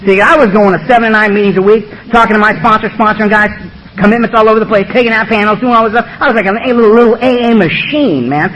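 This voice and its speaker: A man's voice: high-pitched, fast, fairly bright tone, a little hiss or hum, low-quality recording. A man speaking at a recovery meeting, blunt, emphatic and humorous, with a lot of swearing. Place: meeting room.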